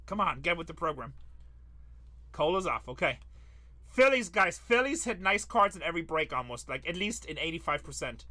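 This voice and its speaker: A man's voice: sits high, animated, fairly quick, sharp tone. A man hosting a live sports card break, rattling off lists in a teasing, joking selling patter.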